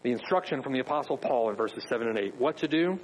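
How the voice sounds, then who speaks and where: A man's voice: medium pitch, expressive, fast, a little hiss or hum, rough recording. A man preaching a sermon as pastor, emphatic, with rhetorical questions.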